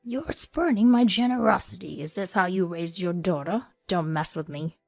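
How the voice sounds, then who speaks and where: A woman's voice: on the low side, steady tone, moderate pace, no room sound, faint music behind, lightly acted. A woman voicing a greedy, threatening old male steakhouse owner, talking in a blustering, menacing way.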